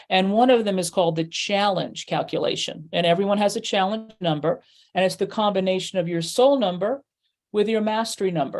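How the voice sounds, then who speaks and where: A woman's voice: lowish voice, a little mellow. A middle-aged woman teaching a numerology workshop in a chatty way, full of fillers and playful acted-out asides. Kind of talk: workshop lesson.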